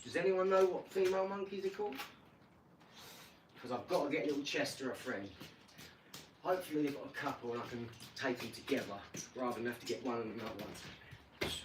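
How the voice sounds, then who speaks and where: A man, rambling casually about his dogs and acting out scenes with lively energy. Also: medium pitch, fairly quick, long pauses, recorded from a distance. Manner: chatty, animated when acting out scenes. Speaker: vlogger. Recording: echoey room, voice off-mic, noisy.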